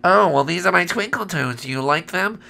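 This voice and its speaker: A man's voice: high voice, expressive, normal speed, gravelly, sharp tone. A man playing in a Minecraft role-play comedy, with goofy, playful banter.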